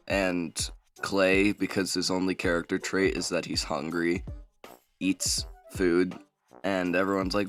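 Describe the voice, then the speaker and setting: A man's voice: deep voice, steady tone, unhurried, fairly bright tone, soft background music. A man casually retelling a fantasy book, rambling with lots of fillers. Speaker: book summary vlogger.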